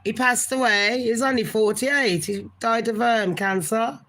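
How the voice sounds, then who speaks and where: A woman's voice: on the high side, unhurried, fairly bright tone, poor audio. A woman hosting a casual gossip live stream, chatting with viewers and swearing now and then. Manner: chatty, swears, talks to viewers as honey pot. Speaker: gossip channel host.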